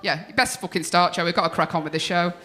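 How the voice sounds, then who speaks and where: A woman's voice: fairly low pitch, steady tone, quick pace, a bit bright. A woman compering a comedy night on a club stage, joking brashly with the crowd and introducing acts. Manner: brash, jokey, swears at the crowd.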